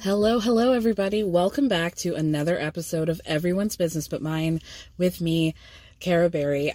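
A woman's voice: lowish voice, fairly quick, dark tone, no echo. A woman hosting a podcast, congested, doing a casual recap in a chatty way, swearing and laughing often. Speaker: podcast host.

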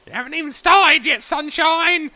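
A man voicing a very old, half-blind male gnome collector who mishears everything and talks in a high, cheeky squeak. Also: normal speed, sharp tone, exaggerated voice. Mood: squeaky, cheeky.

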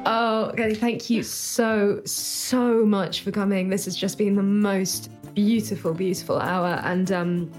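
A woman hosting a podcast, talking in a halting, heartfelt way with many fillers. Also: mid-range voice, steady tone, a little mellow, faint music behind. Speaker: podcast host. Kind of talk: casual podcast chat.

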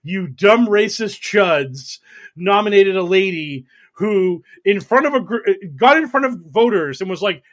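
A man co-hosting a casual political chat, sarcastic and animated, mocking others in put-on voices. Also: high voice, moderate pace. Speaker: podcast co-host.

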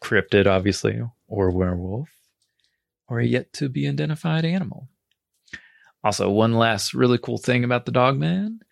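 A man's voice: mid-range voice, lively intonation, normal speed, vocal fry, no room sound, studio quality. A man co-hosting a podcast, telling a story in loose casual chat and swearing freely as he laughs along. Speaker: podcast co-host.

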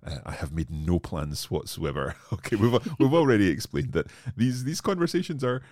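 A man's voice: deep voice, sing-song, normal speed, a little mellow, no room sound, studio quality. A man hosting a language lesson podcast, joking at his own expense while discussing phrases with a teacher. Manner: self-deprecating, joking. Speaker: podcast host learning Swedish.

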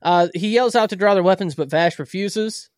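A man with a notably high voice walks through the plot in a loose, offhand way. He swears freely and keeps the summary casual. The sound is dry and close, with no room behind it. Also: moderate pace, no echo. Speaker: podcast co-host recapping episodes. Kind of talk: casual podcast recap.

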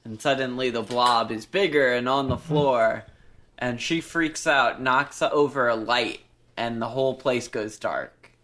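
Slow, bright-voiced podcast co-host man. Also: medium pitch. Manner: unhurried, thoughtful, mild disagreement. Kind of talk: casual movie discussion.

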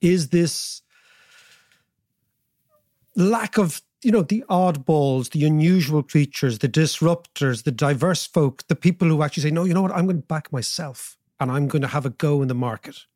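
Lively host, dry close sound. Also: male voice, fairly high pitch, moderate pace, no echo. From Ireland. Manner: rambling, animated questions with many asides. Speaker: podcast host. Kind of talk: podcast interview questions.

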